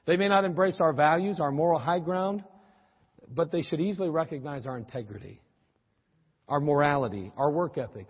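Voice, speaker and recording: A middle-aged man preaching a sermon, folksy and animated, with teasing asides to the congregation. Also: fairly high pitch, slightly rough. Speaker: pastor. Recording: dull, lo-fi audio with long church-hall reverb.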